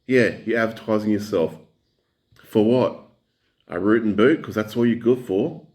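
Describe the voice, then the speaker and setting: A man's voice: on the low side, unhurried, darkish tone. A man ranting in a reaction commentary, blunt, angry and full of swearing.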